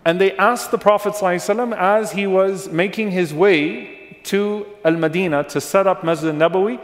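A man's voice: sits high, a little fast. A man giving a religious lecture on early Islamic history, explaining patiently, repeating names and checking in with his listeners. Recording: long hall reverb.

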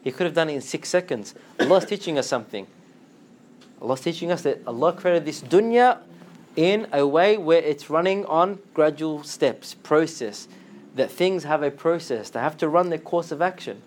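A man giving an animated Islamic lecture, slipping into Arabic phrases and acting out quotes in a lower voice. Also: moderate pace, a little hiss or hum. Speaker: Islamic teacher. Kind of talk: lively lecture to students.

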